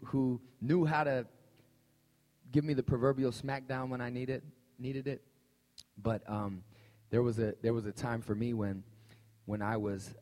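A man preaching a conversational, animated sermon and telling a personal story to his congregation. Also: mid-range voice. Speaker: pastor. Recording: long hall reverb.

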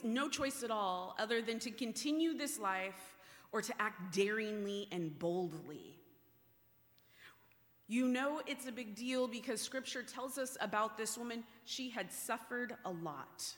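A woman preaching a sermon, animated with playful asides, then hushed and earnest. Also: mid-range voice. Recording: long hall reverb.

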